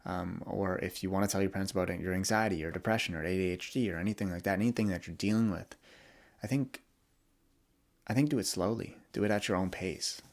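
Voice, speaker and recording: A young man hosting a podcast, talking candidly and vulnerably in a reflective monologue, often halting and restarting. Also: low-pitched. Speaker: podcast host.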